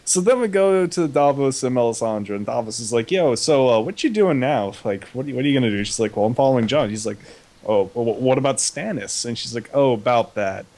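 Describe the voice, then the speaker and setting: Brief: young male co-host, casual comedic recap, slangy offhand delivery, mid-pitched voice. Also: lively intonation, brisk, a little mellow. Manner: goofy paraphrasing with slangy quoted voices.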